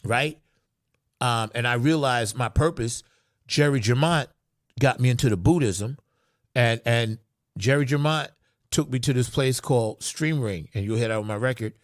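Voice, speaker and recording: A man who plays funk music, telling stories about his career in an emphatic, animated way that rises into excited bursts. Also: mid-range voice, normal speed, no room sound, studio quality. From Long Island, New York. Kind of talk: animated storytelling.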